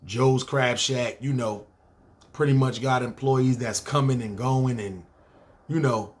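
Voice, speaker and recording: A New York-accented man in his thirties recounts stories on a podcast, loose and conversational. He talks in street slang and swears freely. His voice sits at an ordinary middle pitch. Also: slow pace. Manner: laid-back street slang, profane. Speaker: podcast host. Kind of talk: casual storytelling.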